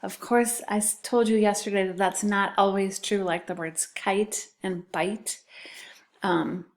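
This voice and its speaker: A woman's voice: medium pitch, fairly even intonation, measured pace. A woman teacher giving a recorded spelling lesson to children, patiently sounding out letters and syllables.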